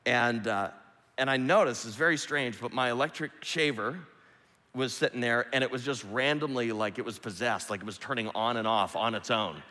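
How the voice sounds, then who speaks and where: A man's voice: mid-range voice, moderate pace, pushed and bright. A middle-aged man preaching a sermon as a pastor, earnest and repeating phrases for emphasis, speaking in a large church hall. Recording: long hall reverb.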